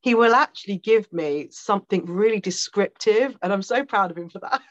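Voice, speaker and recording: A woman talks as a podcast guest, telling a personal story in a chatty, animated way. Her voice sits in a middle register. The recording sounds slightly muffled and lo-fi. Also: medium pitch. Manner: chatty, animated, with many fillers and quick laughs. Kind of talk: conversational storytelling.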